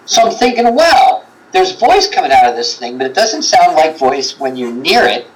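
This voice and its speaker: A man's voice: mid-range voice, poor audio. A man telling a story as a guest on a paranormal talk show, rambling with many fillers and acting out quotes. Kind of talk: animated storytelling in a livestream chat.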